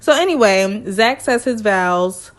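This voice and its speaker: A woman's voice: medium pitch, animated, unhurried. Chatty woman recapping a reality show. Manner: chatty, acts out quotes in other voices. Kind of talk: casual recap vlog.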